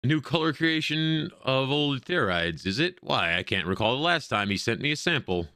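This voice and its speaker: A man's voice: medium pitch, very animated, moderate pace, pushed and bright, clear, resonant tone, dry recording, studio quality, voice pushed up. A man voicing an elderly, forgetful village woman in a role-playing game, reading her quaint, old-fashioned lines aloud. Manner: quaint archaic phrasing, read aloud.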